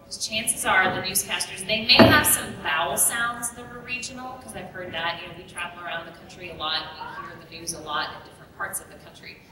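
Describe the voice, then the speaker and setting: A woman's voice: fairly low pitch, fairly even intonation, fairly quick, few pauses, very noisy. A woman voice actress speaking casually on a convention panel, chatty and rambling. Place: large convention room. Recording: echoey hall recording from far off. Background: room ambience.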